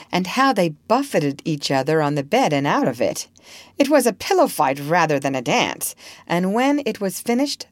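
A woman with a low voice narrating a storybook, expressive and gently wry. Her pitch moves lively through each sentence, and the recording is close and dry. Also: dry recording. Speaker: audiobook narrator.

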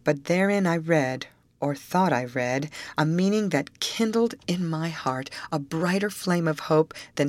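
A woman narrating a classic novel as an audiobook, in a measured, even manner on a close mic. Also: low-pitched, no echo.

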